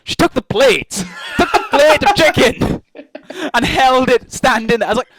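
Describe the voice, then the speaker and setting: A young co-host with an extremely high voice tells a story in casual chat at a measured pace, swearing and laughing with animation. There's no echo, but the recording is low quality.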